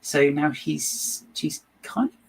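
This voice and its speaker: A man's voice: fairly high pitch, expressive, takes it slowly, gravelly, a little hiss or hum, poor audio. A man chatting casually while he builds, giving rambling, hesitant and wry opinions as the host.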